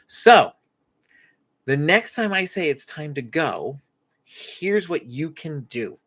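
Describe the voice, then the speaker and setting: A man's voice: a little high, slow pace. A man hosting a live-stream parenting Q&A, teaching with faith-based advice and acting out parent and child lines. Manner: animated, acts out parent and child lines in dialogue. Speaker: parenting coach and host.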